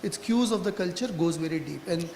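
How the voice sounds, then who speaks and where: A high-pitched man explains his marketing approach on a conference panel. His voice carries through a large, echoing hall with a long reverb tail and a faint hiss underneath. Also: darkish tone. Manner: quick explanatory talk, mixing in Hindi phrases. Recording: echoey hall with faint noise.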